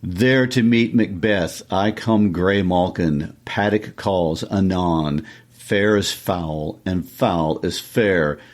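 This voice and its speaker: Eerie weird sisters chanting their lines in a slow, incantatory rhythm, as a man reads them aloud. The voice sits very low and deep.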